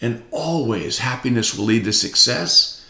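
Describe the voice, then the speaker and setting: A man's voice: medium pitch, animated, measured pace, creaky, bright, forceful tone, reverberant. A man giving a motivational talk as a coach, repeating a catchphrase and urging listeners to say it with him.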